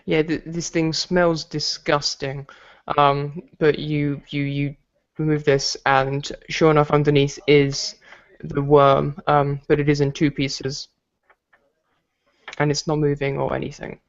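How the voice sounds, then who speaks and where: A man's voice: a little high, completely flat delivery, unhurried, lo-fi sound. A man running a tabletop game as game master, narrating at an easy pace with fillers.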